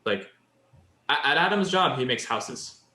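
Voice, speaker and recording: A man's voice: on the high side, lively intonation, a little slow, bright, forceful tone, echoey room. A man co-hosting a podcast, explaining Japanese in casual chat and building example after example. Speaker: podcast co-host.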